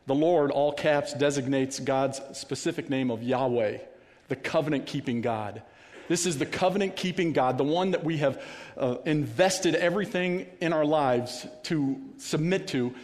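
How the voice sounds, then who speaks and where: A man's voice: mid-range voice, a little mellow. Man preaching in a reverberant church. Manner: earnest, repeats key phrases for emphasis. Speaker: pastor. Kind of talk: sermon. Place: church sanctuary. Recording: long hall reverb.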